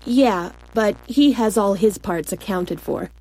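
A woman's voice: medium pitch, slow, warm tone, low-quality recording. An actress voicing a blunt, flirtatious woman in an audiobook, with dry, frank humor. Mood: teasing. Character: wry adult woman amputee, blunt and flirtatious. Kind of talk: audiobook dialogue.

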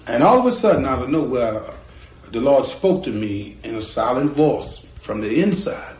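A guitarist from North Carolina tells a folksy story in an animated way, acting out its voices and chuckling often. His voice is mid-range at a normal speed, and the recording has a roomy echo.

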